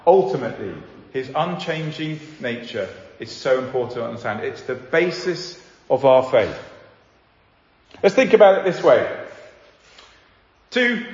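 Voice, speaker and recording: A man preaching a sermon, earnest, slowing down to stress key points. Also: on the high side. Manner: earnest, slows down for emphasis. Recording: echoey hall, slightly dull sound.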